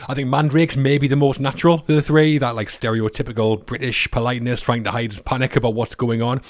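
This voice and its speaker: A man's voice: mid-range voice, fairly even intonation, no room sound. Man with a dry, close sound. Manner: analytical, measured observations. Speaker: podcast co-host. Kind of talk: casual film discussion.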